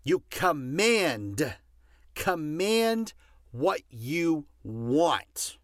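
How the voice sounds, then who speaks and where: A man's voice: on the high side, sing-song, drawn-out words, no room sound, studio quality. A man giving a passionate motivational talk, stressing his points by repeating commands. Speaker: motivational speaker.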